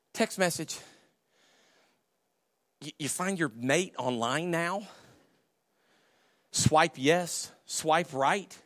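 Man, pastor, high animated voice, sermon, bursts into loud acted-out quotes, dry close sound. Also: dry recording. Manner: animated storyteller, acts out quoted voices loudly. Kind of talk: sermon with humorous stories.

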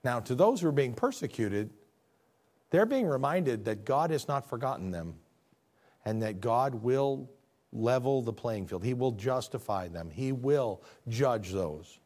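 A man preaching a sermon in a folksy, conversational way, swinging from loud exclamations to hushed tones. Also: mid-range voice, expressive, a little slow. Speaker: pastor.

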